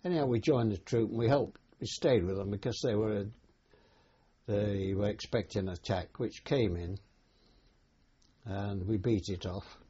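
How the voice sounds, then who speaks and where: In a mellow, husky voice pitched on the low side, an older war veteran unhurriedly describes his service, hesitating here and there in a plain oral-history manner. The recording quality is dull and lo-fi.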